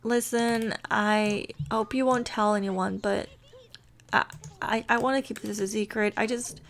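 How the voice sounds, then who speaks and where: A woman's voice: mid-range voice, fairly even intonation, a little slow, slight background noise, lightly acted. A woman voicing an anxious, guilty young woman who stammers and hesitates as she confesses to a friend. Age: young adult.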